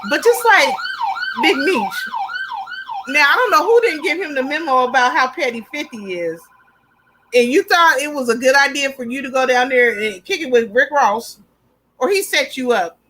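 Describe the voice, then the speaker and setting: A woman co-hosting a casual chat show, lively and chatty, often laughing and teasing. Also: sits high, normal speed, slight background noise, poor audio. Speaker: podcast co-host.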